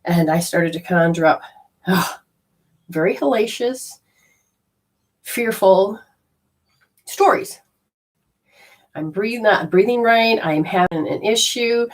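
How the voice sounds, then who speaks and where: A woman, a spiritual teacher, telling a personal story in a lively way, acting out her own lines and swinging from loud outbursts to soft murmurs. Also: mid-range voice, slow pace, pauses often. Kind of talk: storytelling talk.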